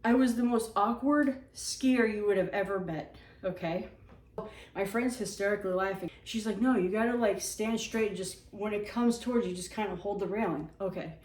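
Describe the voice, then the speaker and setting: A woman tells a comic story about herself in a loose, animated way. Her voice sits in a middle range. The room around her adds a noticeable echo. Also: mid-range voice, moderate pace, far from the mic. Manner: animated, self-mocking, acts out shrieks. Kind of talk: casual storytelling. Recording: echoey room.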